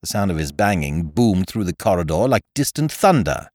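A man narrating a story in an expressive, animated reading on a close microphone. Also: deep voice, normal speed, no room sound. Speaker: podcast narrator.

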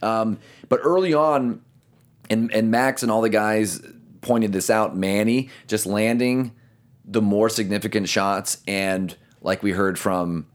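A man with a fairly low voice chats casually as a show co-host, breaking down a boxing match round by round. He talks in an animated way and often restarts his sentences. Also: takes it slowly. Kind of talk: casual fight recap chat.

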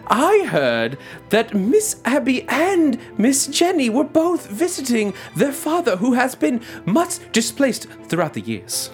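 A prim, gossiping society narrator in a mock-British voice, pitched well above the speaker's own tone and stretched out slowly, as a man puts it on for a comic bit. It is all breathless scandal. Faint music plays underneath. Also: huge pitch swings, full character voice. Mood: gossipy. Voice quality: mock-British, posh and drawn-out.

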